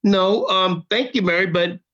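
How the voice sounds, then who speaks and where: An older man telling a story as a podcast guest, in a casual, profane, animated way, acting out the people he quotes. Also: high voice, a little slow. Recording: dull lo-fi sound.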